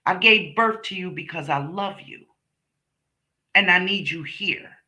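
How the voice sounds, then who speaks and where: Sharp-voiced blunt woman streamer. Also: on the low side, unhurried. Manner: blunt, profane, emphatic storytelling. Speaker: streamer host. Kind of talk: casual monologue to viewers.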